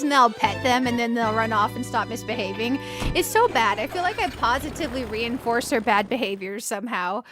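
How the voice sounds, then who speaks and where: High-voiced giggly woman streamer. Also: animated, fairly quick, music in the background. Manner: chatty, giggly, reads chat aloud and rants playfully. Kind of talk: casual live-stream chat while gaming.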